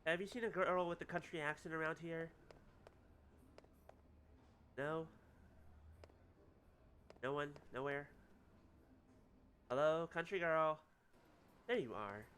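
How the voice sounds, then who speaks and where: High-voiced sarcastic male game streamer. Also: takes it slowly, pauses often, a bit bright, slight background noise. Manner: wry, sarcastic, swears freely. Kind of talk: casual let's-play commentary.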